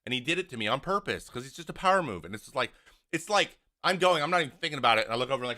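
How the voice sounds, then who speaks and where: A former pitcher hosts a casual talk show, breaking down a game clip in blunt, exasperated commentary. His mid-range voice races along, animated as he acts out what the players say.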